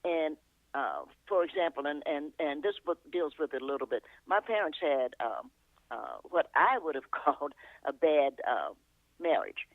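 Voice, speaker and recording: Older woman guest on a call-in, animated and a bit gravelly, laughs between thoughts, phone-line sound. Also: deep voice, normal speed, dry recording. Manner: chuckling, meandering, self-correcting. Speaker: guest author and poet. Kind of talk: reflective storytelling interview. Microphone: telephone. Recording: tinny phone line, dry.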